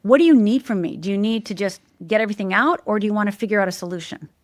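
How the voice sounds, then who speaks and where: A woman speaking as a guest life coach in an animated interview, emphatic and teacherly, repeating key words and jumping high in pitch to mimic the people she quotes. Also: racing, dry recording.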